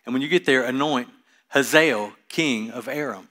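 A man preaching a sermon, reading Scripture aloud and explaining it in plain, casual asides, swinging between loud emphasis and quiet, trailing lines. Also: medium pitch, moderate pace. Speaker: pastor.

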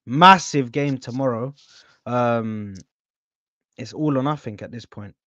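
A young man hosts a casual football stream, reeling off shout-outs and slang in a mid-pitched voice. The sound is dull and dry, with no room around it. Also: slow, dry recording. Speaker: host. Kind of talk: casual live-stream chat.

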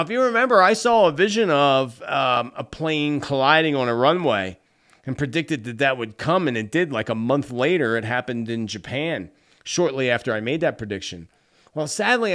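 A man's voice: medium pitch, fairly bright tone. Guy doing psychic predictions to camera, earnest, keeps saying friends, medium voice. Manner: earnest, addresses listeners as "friends". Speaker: psychic host. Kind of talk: solo predictions talk to camera.

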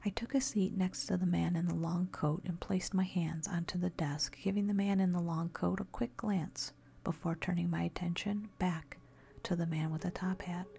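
A woman's voice: fairly low pitch, moderate pace, creaky. Whispering woman telling a scary story. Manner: soft steady whisper.

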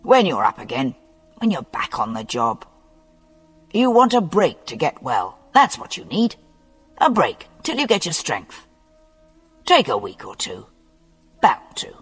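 A narrator doing a curt, impatient Victorian police boss, blunt questions, lively delivery. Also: mid-range voice, unhurried, pauses often, breathy edge, full character voice. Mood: gruff. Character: brusque Victorian police superior, impatient man. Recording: long hall reverb with soft music.

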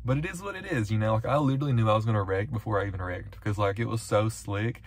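A young man vlogs casually to camera from his car and a snowy roadside, later from a parked truck, rambling and swearing constantly with lots of "like" and "y'all." His voice is on the low side and fast, with no echo.

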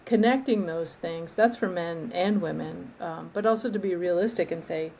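A woman arborist trainer as an interview guest, explaining in a thoughtful, measured way and often restarting her phrases. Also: on the low side, creaky, dark tone, a little hiss or hum, poor audio. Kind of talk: conversational interview.

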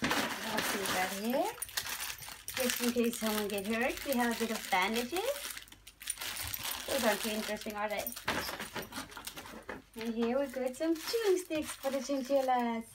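Cooing and sing-songing at her pets, a young pet vlogger from Norway unboxes new items at home. Her voice sits on the high side, a little slow, with frequent pauses. There's plenty of noise in this home recording.

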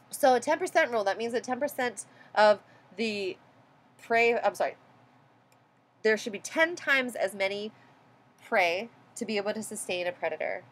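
A woman's voice: medium pitch, normal speed, long pauses. A woman giving a recorded biology lecture in a conversational way, often checking in with "right?" and correcting herself as she goes.

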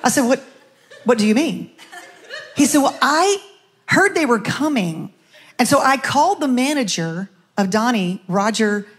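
A middle-aged woman pastor giving a testimony from a church stage, telling her story in an animated way and acting out the voices of the people in it. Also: sits high. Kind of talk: sermon testimony.

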